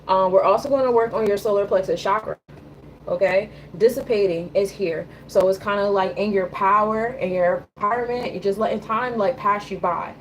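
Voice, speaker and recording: A woman gives a casual live tarot and astrology reading, loose and conversational, often checking in with her listener and repeating "you know what I'm saying." Her mid-range voice is steady and moderately paced. The low-quality recording has slight background noise.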